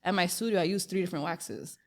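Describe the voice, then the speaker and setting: A woman's voice: fairly low pitch, quick pace. A woman who does body waxing, explaining her work in a matter-of-fact, instructive way.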